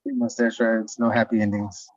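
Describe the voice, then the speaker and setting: A man's voice: fairly low pitch, little pitch movement, normal speed, no room sound. A man telling a rambling story in casual chat, swearing often and laughing as he talks. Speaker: podcast guest. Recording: dull lo-fi sound.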